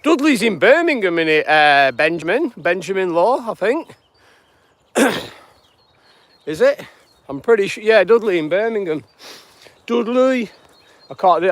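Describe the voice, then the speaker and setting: With a high voice and no echo, a northwest English man chats casually during a live-streamed walk across fields. He says hello to viewers and muses on life as he rambles along.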